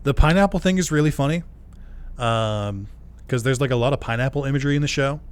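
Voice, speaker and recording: A man's voice: mid-range voice, fast, smooth. A man giving casual, rambling gameplay stream commentary, laughing often and swearing casually. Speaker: game streamer.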